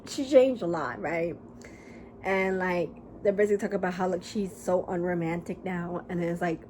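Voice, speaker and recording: A woman talking casually as a book reviewer, rambling and animated, with lots of fillers and casual swearing. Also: medium pitch, a little hiss or hum. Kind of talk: casual chat.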